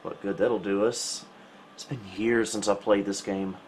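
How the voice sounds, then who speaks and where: A man's voice: lowish voice, unhurried, a little hiss or hum. Wry man narrating retro gameplay. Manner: relaxed, wry, self-mocking asides. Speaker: retro computer channel host. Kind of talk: casual gameplay commentary.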